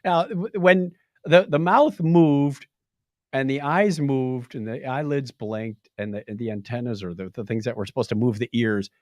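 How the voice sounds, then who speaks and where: A man's voice: mid-range voice, normal speed, no echo. A man co-hosting a podcast, casually recapping tech news and reading quotes out in playful voices. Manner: animated storyteller, reads quotes in playful voices. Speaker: podcast co-host.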